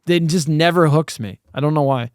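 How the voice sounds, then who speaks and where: A man's voice: a little high, moderate pace, no echo, studio quality. A man co-hosting a podcast in casual chat, blunt and profane, often cutting in to say his piece. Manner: blunt, swears, keeps cutting in. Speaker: podcast co-host.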